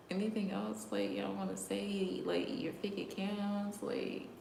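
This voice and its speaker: A woman's voice: mid-range voice, flat delivery, measured pace, gravelly, darkish tone, a little hiss or hum. A woman hosting a casual livestream, talking straight to her viewers, sometimes dropping to a whisper and laughing. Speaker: livestream host. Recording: roomy room echo.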